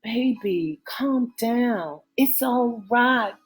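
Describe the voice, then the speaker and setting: A woman reading a romance audiobook, voicing an adult woman lover who coaxes softly and snaps when crossed. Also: a little high, expressive, very slow, soft background music, voice pushed up. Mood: soothing. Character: adult woman lover, soothing then sharp-tongued.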